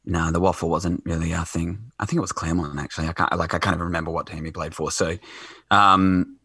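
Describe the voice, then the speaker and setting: A man's voice: sits low, fairly even intonation, fast talker, pushed and bright, breathy edge, dry recording. A man chatting casually as a podcast guest, rambling with lots of fillers and restarts.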